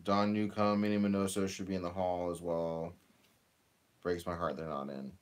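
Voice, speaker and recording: A man's voice: low-pitched, flat delivery, normal speed, smooth. A man co-hosting a live stream, reading out viewer comments and adding dry, laid-back remarks. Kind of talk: casual live-stream chat.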